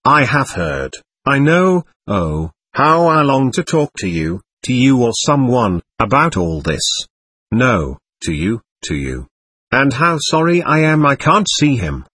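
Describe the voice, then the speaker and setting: A man's voice: medium pitch, big pitch swings, a bit bright, husky, no echo, full character voice. A man voicing a gushing, nervous noblewoman. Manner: rapid, nervous, effusive. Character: anxious gushing aristocratic lady, middle-aged.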